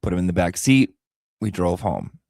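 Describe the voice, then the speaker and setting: A man with a fairly low, gravelly voice tells a personal story in a loose, candid way, repeating words and swearing now and then. The sound is dry and close, with no room echo. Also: very animated, moderate pace, darkish tone. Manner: candid and emotional, with frequent repeats and casual swearing. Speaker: vlogger and pet owner.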